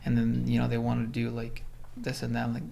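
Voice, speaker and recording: A man from Los Angeles, a former Army Ranger, telling stories as a podcast guest, animated, swearing, acting out quotes. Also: mid-range voice, fairly quick, creaky, slight background noise. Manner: animated storyteller, acts out quotes, swears, many fillers. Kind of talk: casual storytelling in interview.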